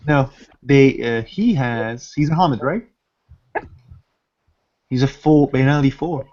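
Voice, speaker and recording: A man chatting casually at a tabletop game, a little halting and unsure. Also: medium pitch, a little mellow. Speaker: player. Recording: dull lo-fi recording.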